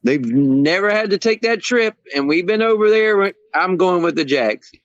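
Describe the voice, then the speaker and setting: A man on a sports podcast panel, chatting casually, animated and swearing freely. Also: high-pitched, moderate pace, dry recording, dull audio. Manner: profane and animated.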